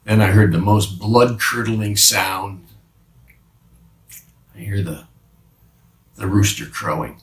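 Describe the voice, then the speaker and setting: A man playing the apostle Peter as a remorseful fisherman, confessing haltingly in a dramatic monologue with many restarts. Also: fairly low pitch. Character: remorseful male fisherman apostle, middle-aged, haunted by guilt. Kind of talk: dramatic first-person monologue. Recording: roomy sound from a distant mic.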